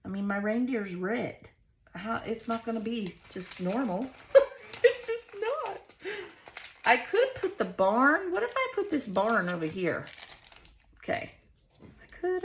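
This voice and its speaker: A woman with a Southern twang muses aloud as she lays out a scrapbook page, going back and forth on each choice. She talks at a slow, easy pace in a mid-pitched voice. A faint hiss sits under the recording. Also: vocal fry. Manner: chatty, musing to herself while arranging stickers. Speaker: scrapbooking host. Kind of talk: casual craft vlog, thinking aloud.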